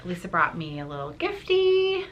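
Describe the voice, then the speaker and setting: A woman's voice: lowish voice, huge pitch swings, moderate pace, highs cut off, slight background noise. A woman hosting a needlework vlog, telling stories in a rambling, chatty way with many restarts. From Canada. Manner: rambling storytelling with frequent restarts and laughs. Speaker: flosstube host.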